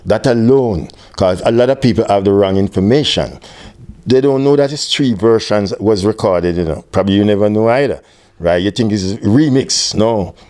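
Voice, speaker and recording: An older Jamaican man telling an animated story in an interview, with patois phrasing, acting out other people's voices. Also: moderate pace. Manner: animated storyteller, acts out quoted voices at high pitch. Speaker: interviewee, music tour manager.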